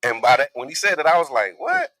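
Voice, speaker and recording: A man's voice: mid-range voice, fast, bright, forceful tone. A man, co-hosting a casual panel discussion and speaking earnestly, often acting out what other people say. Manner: earnest, acts out quoted voices. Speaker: talk show co-host.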